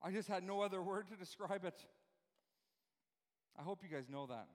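A man with a very high voice preaches a fervent sermon, throwing rhetorical questions at his congregation. His voice rings with a long reverb from the church hall around him. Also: animated, moderate pace. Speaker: pastor. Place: church room with live audience, also streamed.

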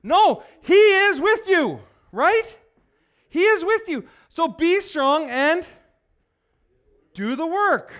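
A male pastor preaching a sermon, swinging from quiet asides to loud, emphatic exhortation. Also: extremely high pitch, very animated, takes it slowly, pauses often.

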